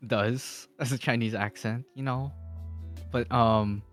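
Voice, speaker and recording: Rambling man in casual podcast chat. He laughs often and fills his talk with ums and restarts, at a middle pitch, with faint music playing underneath. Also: fairly even intonation, slow pace. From Philippines. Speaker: podcast guest.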